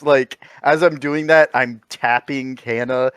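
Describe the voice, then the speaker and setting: A man's voice: mid-range voice, steady tone, takes it slowly, a bit bright, clear, resonant tone, no room sound. Rambling, laughing man in a dry room. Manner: rambling, laughing often, swearing, doing voices. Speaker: podcast co-host. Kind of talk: casual comedic chat.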